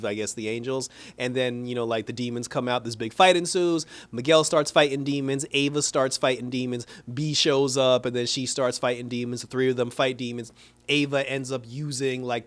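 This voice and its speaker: A man recapping an episode in a casual video review, chatty and animated, often laughing. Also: medium pitch. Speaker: show reviewer.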